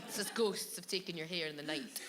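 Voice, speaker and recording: A woman's voice: lowish voice, fairly quick, background noise. A woman guest on a live podcast in a bar, animatedly telling stories, laughing often and mimicking people. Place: live show in a bar venue.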